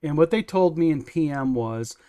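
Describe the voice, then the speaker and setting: A man's voice: on the high side, animated, moderate pace, mellow, clear, resonant tone. Blunt, emphatic male host. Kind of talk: casual livestream discussion.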